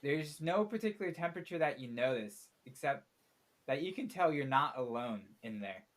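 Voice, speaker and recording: A man's voice: fairly high pitch, lively intonation, normal speed. A man narrating as game master in a tabletop role-playing podcast, laid-back and chatty. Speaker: dungeon master.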